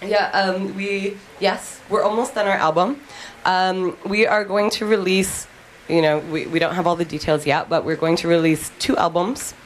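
A woman's voice: lowish voice, fairly even intonation, normal speed, few pauses, a little hiss or hum, rough recording. A woman in a band, chatting casually on the radio in a rambling, giggly, self-deprecating way. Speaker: band member guest.

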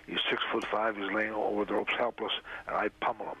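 An older man, a raspy-voiced interview guest, tells a long story in a halting way, full of "uh" fillers, on a dull lo-fi recording. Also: lowish voice, steady tone, sharp tone. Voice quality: gravelly, raspy. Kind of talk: rambling storytelling. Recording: dull lo-fi radio sound.

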